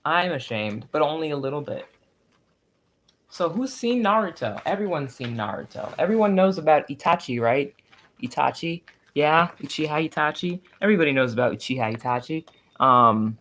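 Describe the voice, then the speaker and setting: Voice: mid-range voice, animated, normal speed, fairly bright tone. A young adult livestreamer chatting casually, rambling, swearing freely and getting giggly and flustered when reacting to old drawings.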